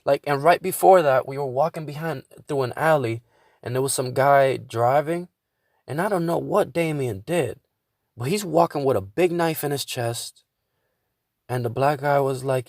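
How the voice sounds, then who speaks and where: A man's voice: medium pitch, normal speed, darkish tone, no room sound, clean studio sound. A man hosting his own podcast, venting in a casual monologue with a lot of swearing and stumbling restarts. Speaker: podcast host.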